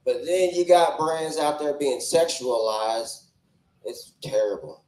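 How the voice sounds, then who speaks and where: This comedian is a man in his forties whose voice sits on the high side, animated yet unhurried and a little mellow. His stand-up at a small club open mic is crude, brash, and rambling, delivered into a handheld microphone with roomy club acoustics.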